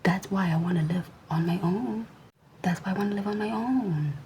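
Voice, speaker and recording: A woman's voice: mid-range voice, moderate pace, dark tone, slight background noise, low-quality recording. A young adult woman vlogger ranting in a sassy, mostly whispered voice to her camera.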